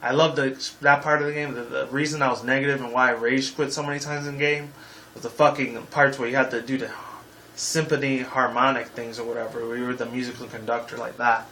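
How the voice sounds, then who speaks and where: A man's voice: mid-range voice, flat delivery, a little fast, pushed and bright, a little hiss or hum, poor audio. A man in his twenties hosting a casual game-review video, rambling and heated, with frequent swearing. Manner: casual sign-off slang. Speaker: gaming video host.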